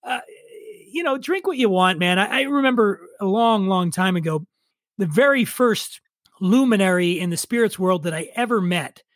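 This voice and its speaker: A man's voice: high-pitched, lively intonation, normal speed, dry recording. A middle-aged man telling stories in casual chat, profane and opinionated. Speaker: podcast guest.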